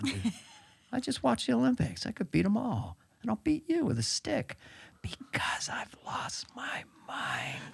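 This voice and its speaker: A man doing an impression of a rambling, confused older male president who threatens people and drops into breathy whispers. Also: extremely high pitch, voice pushed up, full character voice. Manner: swings between blustery boasts and hoarse whispers.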